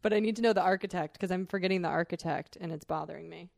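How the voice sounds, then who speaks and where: A woman's voice: fairly low pitch, gravelly, no room sound. A woman from Wisconsin hosting a casual podcast chat, joking and teasing her guest. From Wisconsin, suburbs of Milwaukee. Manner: joking, teasing, quick to laugh. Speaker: podcast host.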